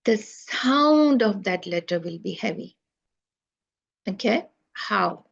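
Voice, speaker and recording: Slow, gravelly woman teaching an online class. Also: mid-range voice, expressive. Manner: slow, patient explaining with rhetorical questions. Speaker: tajweed teacher. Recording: dull lo-fi online class audio.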